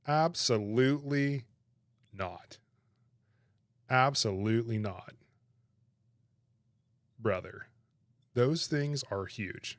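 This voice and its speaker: A man chatting on his livestream, animated and laughing, protesting in exaggerated disbelief. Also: mid-range voice, very slow, long pauses, no echo, clean studio sound. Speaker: streamer reacting to chat. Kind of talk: casual livestream chat.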